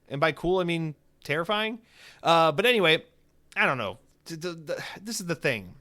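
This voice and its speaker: A man hosting a casual solo podcast, talking in an animated, profane and sarcastic way with lots of filler words. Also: a little high, normal speed. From United States. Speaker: podcast host.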